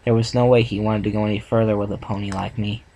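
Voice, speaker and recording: A man voicing an earnest, heartbroken female farm pony, reading her lines gently in a plain voice. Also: lowish voice, level tone, fast, a little hiss or hum, lightly acted, rough recording. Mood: sad, tearful.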